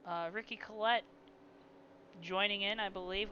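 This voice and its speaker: Male sim racing play-by-play caller, bright forceful voice, joking asides, faint background hiss. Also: high voice, a little fast, dull audio. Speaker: play-by-play commentator.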